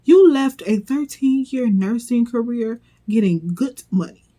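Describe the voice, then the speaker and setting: A woman's voice: on the high side, animated, measured pace, dark tone. Sassy blunt woman recapping reality TV. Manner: sassy, blunt, profane, incredulous. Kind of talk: casual commentary vlog.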